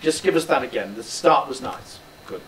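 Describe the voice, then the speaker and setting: A man's voice: medium pitch, lively intonation, normal speed, fairly bright tone. A male drama teacher coaching a student through a speech, encouraging him and demonstrating lines aloud. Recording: roomy, distant mic, faint background noise.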